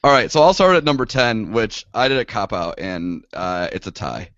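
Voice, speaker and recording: A young podcast co-host chats in a laid-back, casual way with lots of fillers. His voice is on the low side and a bit bright, with lively intonation and a moderate pace, and the recording sounds dull, lo-fi and dry with no room sound.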